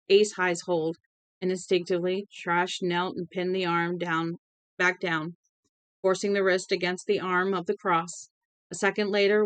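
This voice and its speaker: Clear-voiced woman reading an audiobook. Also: lowish voice, no room sound. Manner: steady, even reading with small self-corrections. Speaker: audiobook reader. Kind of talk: audiobook narration.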